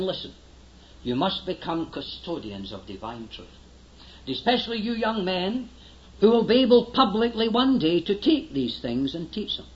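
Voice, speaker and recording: An older man preaches with earnest, emphatic urgency. His voice sits high and swings widely in pitch. The recording is dull and lo-fi, like an old tape. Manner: earnest, emphatic, pleading with listeners to listen. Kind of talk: sermon.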